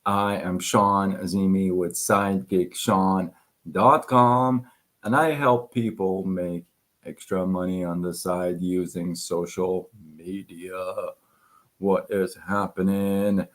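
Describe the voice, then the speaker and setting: A man hosting a casual livestream, halting with many fillers and clearing his throat, losing his voice. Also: low-pitched, steady tone. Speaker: livestream host. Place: home apartment.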